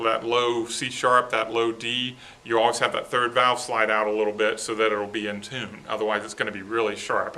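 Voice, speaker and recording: Bright-voiced man coaching a school band. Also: mid-range voice. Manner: coaching, sings parts with syllables; keeps checking in with okay. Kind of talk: rehearsal instruction.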